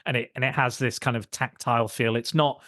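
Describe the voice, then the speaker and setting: Man, podcast host, casual film chat, rambling, mid pitch, dry close sound. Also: steady tone, a bit bright, no room sound. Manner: rambling, self-interrupting, quick to laugh.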